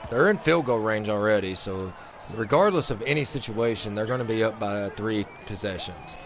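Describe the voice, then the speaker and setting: A man hosting a sports video game channel, giving let's-play commentary in a mock play-by-play style. He vents and swings between flat grumbling and excited outbursts. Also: on the low side, moderate pace, crowd noise. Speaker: gaming channel host.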